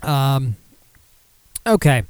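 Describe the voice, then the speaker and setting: A man's voice: medium pitch, big pitch swings, drawn-out words, darkish tone, clear, resonant tone, no echo. A man hosting a podcast, reading news aloud in a loose, casual way with profane, sarcastic asides. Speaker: podcast host.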